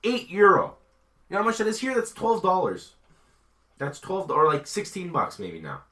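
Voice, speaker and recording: Podcast host, young man, bright tone, animated pitch, storyteller who acts out quotes. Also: normal speed. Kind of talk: casual chat. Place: small concrete room.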